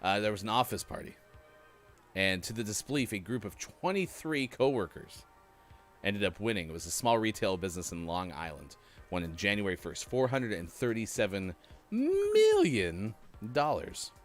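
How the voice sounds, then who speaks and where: A man co-hosting a morning show, reading lottery stories in a relaxed, joking way. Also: lowish voice, normal speed, faint music behind. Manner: relaxed, joking, reads from a list. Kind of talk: casual chat, reading news items.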